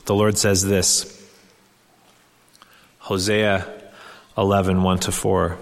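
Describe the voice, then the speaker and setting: A man's voice: low-pitched, little pitch movement, slow, pauses often. Preaching man in a reverberant hall. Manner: earnest teaching tone, reads scripture aloud with rising emphasis. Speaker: pastor. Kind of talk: sermon.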